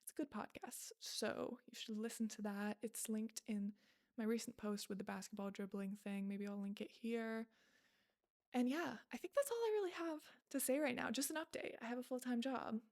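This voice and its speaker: A young woman talks straight to her followers in a casual vlog. Her voice sits a little high, and she thinks out loud in a chatty, self-reflective way, full of likes and I don't knows. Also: moderate pace. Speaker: content creator.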